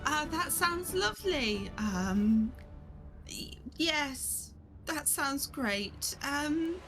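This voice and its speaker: A woman's voice: high-pitched, expressive, extremely slow, over music, pitched above the performer's own voice, exaggerated voice. A woman voicing a flustered, overly polite grandmother who keeps calling everyone darling and dear. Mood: hesitant.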